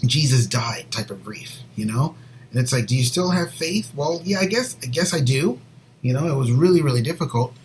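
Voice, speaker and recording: A man co-hosting a Christian show, sharing a personal faith story in an earnest, rambling way and sometimes dropping to a soft near whisper. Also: medium pitch, lively intonation, moderate pace, a little hiss or hum, poor audio. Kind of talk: personal faith testimony, casual chat.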